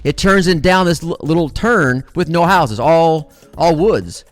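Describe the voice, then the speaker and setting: A middle-aged man, a comedian host, telling a long story in a casual, animated and profane way. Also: fairly high pitch, unhurried, faint music behind.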